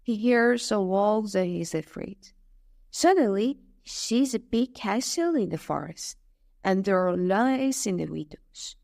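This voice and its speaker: Slow, expressive woman storyteller. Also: mid-range voice, no room sound, clean studio sound. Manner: slow, clear, expressive reading. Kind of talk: storybook narration for English learners.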